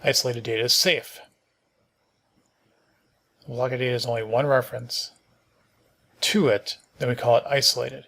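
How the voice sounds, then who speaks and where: Tired and yawning, a middle-aged man with a gravelly, sharp-edged, mid-range voice reads docs aloud on a casual live-coding stream. His intonation stays fairly even at a moderate pace, with frequent pauses as he trails into thinking aloud with fillers and false starts.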